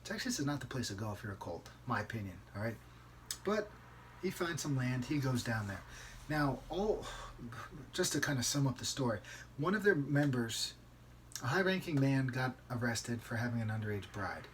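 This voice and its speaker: A man hosting a solo podcast, telling a story in a conversational, emphatic way and often tagging a quick "right?" onto his sentences. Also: medium pitch, very animated, a little hiss or hum. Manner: conversational, keeps asking "right?"; emphatic, outraged. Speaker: podcast host.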